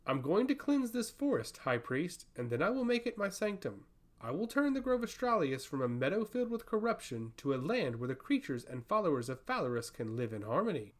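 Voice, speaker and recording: Stern haughty priestess, voiced by a man, cold, measured, menacing, storybook fantasy. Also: a little high, very animated. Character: haughty woman, a forest priestess, calm and menacing. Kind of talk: audiobook fantasy reading.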